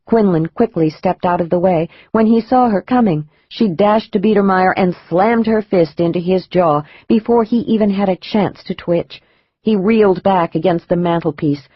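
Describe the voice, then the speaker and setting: A man narrating a thriller audiobook in a measured, even manner. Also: high-pitched, no room sound, dull audio.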